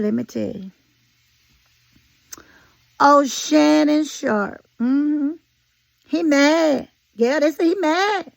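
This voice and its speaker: A woman talks straight at her viewers in a folksy, sassy commentary. Her voice sits high and carries a gravelly rasp. The recording is dry and close, with no room sound. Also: no echo. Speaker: commentary vlogger. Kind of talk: casual opinion commentary.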